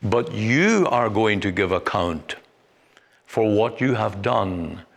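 A man preaching a sermon in a measured, deliberate way, rising to emphatic peaks. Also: lowish voice, expressive, gravelly. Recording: long reverb, like a church hall.

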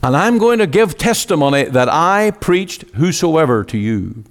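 A man preaching in a church with a lively, swooping delivery, slow and deliberate. His voice rises into urgent appeals and sinks into hushed phrase endings. A long hall reverb trails every line. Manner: emphatic, swings between loud rising appeals and low drawn-out endings. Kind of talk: sermon.

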